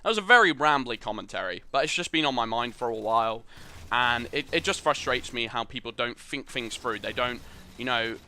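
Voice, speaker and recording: A young man talks over his gameplay in a bright, forward voice. He rambles earnestly through his opinions, leaning on fillers as he goes. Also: mid-range voice, lively intonation, a little fast. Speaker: gaming channel host.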